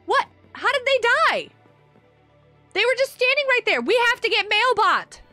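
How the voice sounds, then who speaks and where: A woman streaming a game, chatting with viewers in an excitable way, often gasping and exclaiming. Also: very high-pitched, moderate pace, no room sound, soft background music. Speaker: gaming streamer. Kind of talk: live gameplay commentary chatting with viewers.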